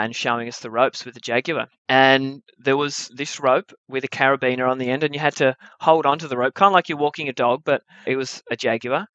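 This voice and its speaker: A young man spins a true adventure yarn for a live audience, wry and animated, landing his jokes with easy timing. His voice sits at a middle pitch. The recording is a little muffled and dry, with no room echo. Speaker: storyteller. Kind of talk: live story-slam storytelling.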